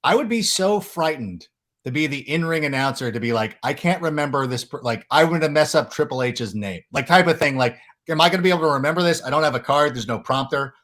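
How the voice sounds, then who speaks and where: A man's voice: a little high, animated, fast talker, a bit bright. A man hosting a podcast in casual chat, telling stories animatedly and acting out quotes in raised voices. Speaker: podcast host.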